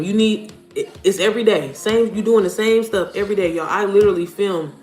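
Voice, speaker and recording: Lady chatting on a livestream, blunt, swears a lot, roomy room with faint music behind. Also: fairly low pitch. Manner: chatty, blunt, swears casually, addresses viewers as y'all. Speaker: livestream host and mom business coach. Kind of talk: casual livestream chat.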